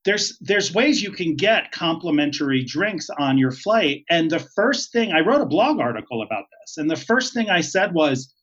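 A chatty, emphatic man speaks as a podcast guest. His voice is fairly high for a man. The recording is dull and lo-fi. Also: sing-song, normal speed, hardly any pauses, fairly bright tone, husky. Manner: chatty and emphatic, laughs easily. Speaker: podcast guest, retired flight attendant. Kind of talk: casual interview. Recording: dull lo-fi sound.

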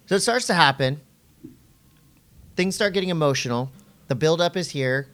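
A middle-aged man co-hosting a casual podcast, telling surf stories with animation and jumping into a high voice when he quotes people. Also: normal speed, a bit bright. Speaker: podcast co-host and surf commentator.

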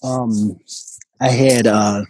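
A man in his forties, a guest telling his recovery story in a halting, earnest way with many restarts. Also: medium pitch, fairly even intonation, darkish tone, no room sound, rough recording. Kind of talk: personal recovery story in conversation.

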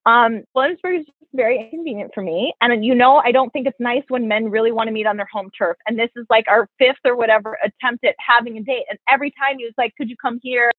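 A young woman with a fairly high, husky voice tells a long personal story to a friend. She is frank and profane, and she quotes both sides of every exchange. The audio is dry, narrow and phone-like. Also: fast talker, few pauses, no room sound. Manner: animated, profane, quotes people in her stories. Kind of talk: casual storytelling chat. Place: New York.

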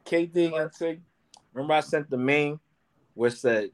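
High-voiced man, blunt and joking. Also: moderate pace, long pauses. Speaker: co-host. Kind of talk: casual podcast chat.

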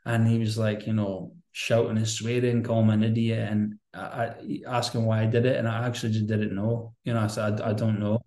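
A man's voice: lowish voice, little pitch movement, brisk, hardly any pauses, a little mellow, reverberant. A man, a podcast guest telling a candid personal story in a rambling, earnest, conversational way.

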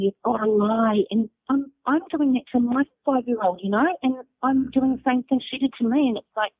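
Speaking as a guest, a middle-aged woman with a New Zealand accent recounts her own story openly, cursing without restraint. Her voice is fairly high and moderately paced, recorded dry with a phone-like sound.

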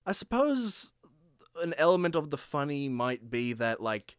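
A man's voice: a little high, sing-song, measured pace, clear, resonant tone, no echo, clean studio sound. A man co-hosting a casual film podcast, rambling and hesitant. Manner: rambling, hesitant, laughs often. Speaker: podcast co-host. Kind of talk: casual film review chat.

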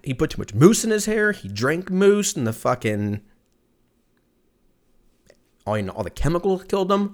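A man hosting a solo podcast, rambling through a profane, joking rant and laughing often, his voice jumping up when excited. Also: normal speed, long pauses. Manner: animated, jumps pitch when excited. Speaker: podcast host.

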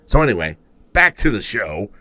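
Male co-host, lower voice, animated and rambling, casual and profane. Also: moderate pace, no room sound. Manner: rambling storyteller, swears and laughs often. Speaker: podcast co-host. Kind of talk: casual chat.

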